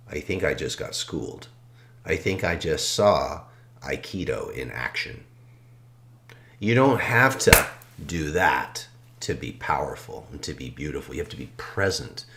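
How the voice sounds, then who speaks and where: A man co-hosting a podcast, calmly and reflectively telling a story in casual conversation, often trailing off soft and low. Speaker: podcast co-host.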